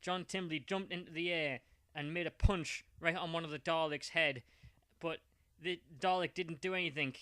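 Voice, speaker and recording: A man's voice: fairly high pitch, fairly even intonation, normal speed, fairly bright tone, smooth, no room sound. A man telling an improvised fan-fiction story in a rambling, playful way.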